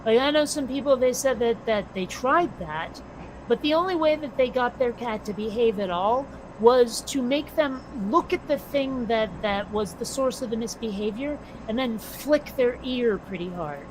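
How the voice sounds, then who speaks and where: An American woman co-hosting a casual chat, blunt and quick to swear. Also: a little high, expressive. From United States. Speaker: podcast co-host. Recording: noisy background.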